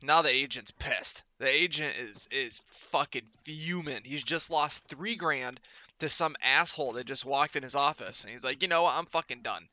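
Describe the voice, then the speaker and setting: Bright-voiced, swearing male streamer. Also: medium pitch, moderate pace, no echo. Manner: profane, rambling storyteller with restarts. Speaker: game streamer. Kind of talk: casual joke-telling over gameplay.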